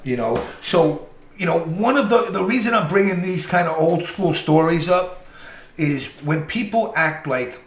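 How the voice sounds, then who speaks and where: A middle-aged man hosting a podcast, telling a profane, animated story full of quoted dialogue. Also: a little high, unhurried. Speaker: podcast host. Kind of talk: casual storytelling. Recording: echoey room with faint noise.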